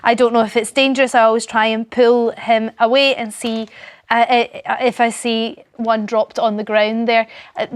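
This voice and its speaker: A woman's voice: a little high, little pitch movement, moderate pace, smooth. A woman co-presenting on TV, chatty and giggly as she reads viewer messages. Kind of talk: casual studio chat.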